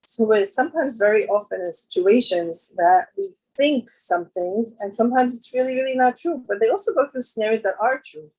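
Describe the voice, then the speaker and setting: Husky-voiced woman telling stories casually. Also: on the high side, animated, brisk, few pauses, darkish tone, low-quality recording. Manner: conversational, with many fillers and jumps into quoted voices. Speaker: speaker at a women's gathering. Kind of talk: storytelling talk.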